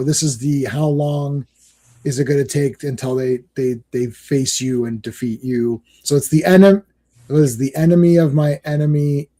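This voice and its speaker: A male co-host with a mellow, somewhat high voice rambles through a casual comic book chat over a livestream call. He laughs often and quotes scenes in other voices.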